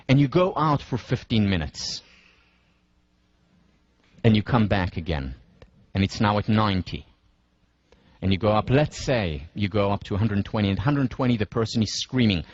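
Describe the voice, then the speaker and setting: A man delivers a university lecture in a husky, somewhat breathy voice. He talks deliberately and stresses his points by slowing down. The sound is dry and a little dull, like a muffled classroom recording. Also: lowish voice, expressive, no echo. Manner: walks listeners through scenarios step by step.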